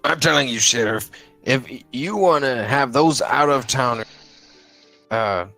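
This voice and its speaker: A man's voice: medium pitch, takes it slowly, vocal fry, sharp tone, soft background music, pitched above the performer's own voice, full character voice. A man voicing an angry male mob leader in a tabletop game, sneering and aggressive. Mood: defiant. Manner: aggressive, sneering, riling up crowd.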